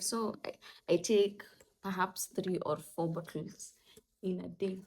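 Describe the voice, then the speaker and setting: A woman's voice: fairly low pitch, steady tone, takes it slowly, a little mellow, a little hiss or hum. A young woman, chatting casually in a vlog as a mother, mixing English with Swahili and cooing at her toddlers. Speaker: parenting vlogger and mother.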